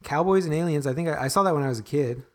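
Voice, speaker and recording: Rambling young man on a podcast. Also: on the high side. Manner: rambling, self-deprecating, halting restarts. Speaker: podcast co-host. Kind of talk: casual podcast chat.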